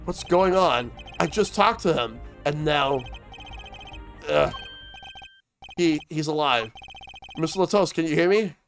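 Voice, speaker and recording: A man's voice: a little high, animated, slow pace, long pauses, fairly bright tone, faint music behind. Man reading a visual novel aloud. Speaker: streamer reading a game aloud. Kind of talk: reading game dialogue aloud.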